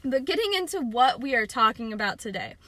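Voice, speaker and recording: A woman's voice: a little high, sing-song, brisk, sharp tone. A young woman hosting a podcast, telling a personal story in a chatty, self-mocking way and laughing often. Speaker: podcast host. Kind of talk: casual storytelling.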